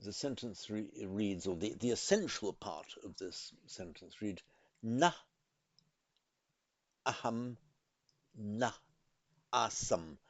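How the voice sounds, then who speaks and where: A man teaching a language lesson in a careful, methodical way, pausing to correct himself. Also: fairly low pitch, no room sound. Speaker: Sanskrit teacher. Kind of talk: explanatory lesson.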